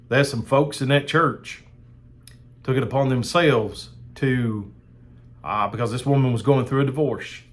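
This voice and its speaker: A man preaching a sermon in a fired-up, emphatic way, repeating phrases for emphasis. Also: mid-range voice.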